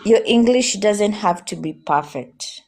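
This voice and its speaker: A Kenyan woman on a live-streamed interview, giving coaching advice on speaking calmly and clearly. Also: medium pitch. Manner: coaching, demonstrates calm versus rushed speaking. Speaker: guest. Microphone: phone or video call.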